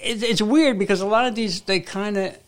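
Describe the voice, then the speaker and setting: With a high voice and a slightly fast delivery, a man co-hosting a podcast rambles through his stories. He keeps cutting himself off and starting over in the loose, casual conversation.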